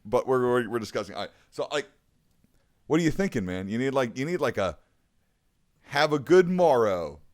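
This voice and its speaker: A man's voice: mid-range voice, animated, fast. A man co-hosting a podcast, rambling and joking in casual chat and laughing often. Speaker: podcast co-host.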